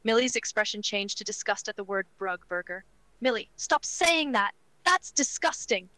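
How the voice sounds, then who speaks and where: A woman's voice: mid-range voice, fairly even intonation, fairly quick, a bit bright, no echo, natural voice, poor audio. A synthetic woman's voice reading a young British chatbot character, narrating her own actions in a prim tone. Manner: reads actions and lines aloud, prim. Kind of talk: text-to-speech chatbot roleplay.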